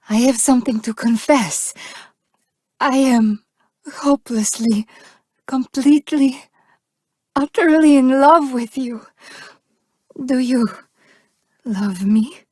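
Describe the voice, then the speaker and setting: A doomed romantic game heroine. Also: female voice, sits high, slow pace, pauses often, darkish tone, breathy edge, no room sound, studio quality, full character voice. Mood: tender confession. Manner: dramatic, formal, breathless romantic. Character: unlucky, romantic young woman dating-game love interest. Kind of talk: dating game voice lines.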